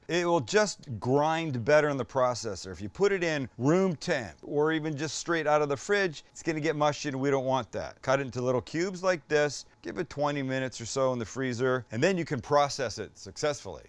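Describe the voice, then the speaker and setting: Chatty middle-aged canadian guy running a cooking show, slightly high voice, dry close sound. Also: no echo. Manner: jokey, chatty, self-deprecating. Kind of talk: casual cooking demo. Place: home kitchen.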